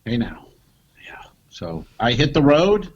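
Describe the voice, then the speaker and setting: A man co-hosting a comedy podcast, telling an animated story and acting out the voices of the people in it. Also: medium pitch, slow pace, slightly rough, highs cut off. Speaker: podcast co-host.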